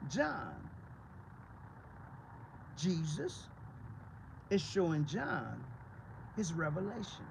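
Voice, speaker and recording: Fiery, gravelly high-pitched male preacher. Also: very animated, normal speed, pauses often, darkish tone, slight background noise, poor audio. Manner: combative, profane, repeats rhetorical questions. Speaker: pastor.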